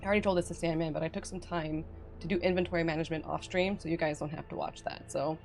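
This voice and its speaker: A woman's voice: sits low, steady tone, quick pace, darkish tone, faint music behind. Bubbly woman streamer, lots of laughs. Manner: bubbly, laughs often, reads chat aloud. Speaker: streamer host. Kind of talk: casual stream chat while gaming.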